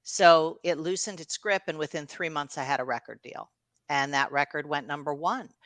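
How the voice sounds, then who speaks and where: A woman's voice: deep voice, normal speed, a bit bright, dry recording. A middle-aged woman from New York, a coach and guest, telling stories casually with frequent "you know" and laughs. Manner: storytelling, laughs often, fillers like "you know". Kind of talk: casual interview chat.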